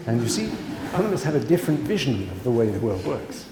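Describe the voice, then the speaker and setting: A man's voice: mid-range voice, sing-song, fairly quick, mellow, a little hiss or hum. Man lecturing in an echoey hall. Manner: conversational, digressive, frequent asides and fillers. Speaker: economics professor giving a lecture. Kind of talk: conference lecture. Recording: roomy lecture hall reverb.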